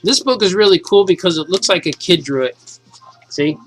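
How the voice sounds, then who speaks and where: A man in his forties, a cartoonist, casually and excitedly reading his comic aloud to kids. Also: sits high, moderate pace, faint music behind, low-quality recording. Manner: enthusiastic, casual, says "man" a lot.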